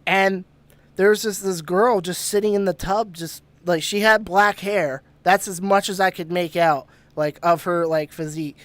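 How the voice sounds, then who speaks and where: A man's voice: high voice, fairly even intonation, measured pace, a bit bright, no echo. A man hosting a podcast and telling a ghost story in casual chat, swearing a lot and restarting sentences. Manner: swearing, rambling with restarts and laughs. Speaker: podcast host.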